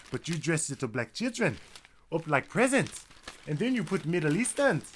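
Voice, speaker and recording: A man's voice: on the high side, sing-song, normal speed, a bit bright, a little hiss or hum. Man in a profane, heated rant. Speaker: vlogger. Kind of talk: ranting commentary vlog. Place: Seattle, Washington.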